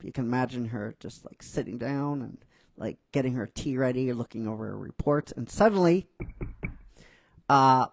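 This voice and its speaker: A man's voice: medium pitch, normal speed, gravelly, dry recording. A man casually narrating a fan-written story, chatty and rambling with many fillers.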